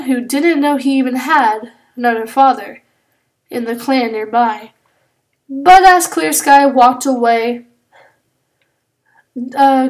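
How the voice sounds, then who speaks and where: A woman with a fairly high voice tells a story off the cuff while she draws. She rambles, fills pauses with "uh", and keeps restarting her sentences as she goes. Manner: rambling, frequent fillers and self-corrections. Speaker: drawing channel creator. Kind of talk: casual improvised storytelling while drawing.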